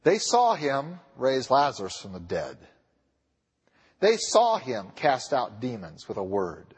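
A man preaching a sermon in a church, with a husky voice, pressing his listeners with repeated rhetorical questions. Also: medium pitch, wildly swooping pitch, takes it slowly. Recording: long reverb of a large hall.

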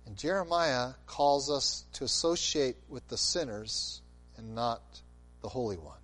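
A man preaching a sermon, expressive, moving between loud emphasis and quiet intensity. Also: medium pitch, measured pace, soft background music. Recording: long hall reverb.

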